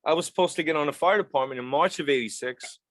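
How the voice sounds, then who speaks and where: A middle-aged man hosting an interview podcast, talking sincerely and warmly with his guest. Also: on the high side, fast talker, no echo. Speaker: podcast host. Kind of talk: casual interview chat.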